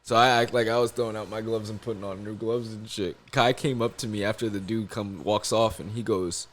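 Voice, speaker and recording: A man's voice: fairly low pitch, fairly even intonation, fairly quick. A young man co-hosting a podcast, telling a story in casual chat, profane and laughing often. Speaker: podcast co-host.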